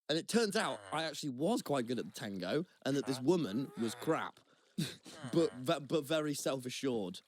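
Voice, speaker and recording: Lively young man telling a story. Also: a little high, normal speed. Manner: animated, self-deprecating, rambling with restarts. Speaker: podcast co-host. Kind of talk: casual anecdotal storytelling. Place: Brighton.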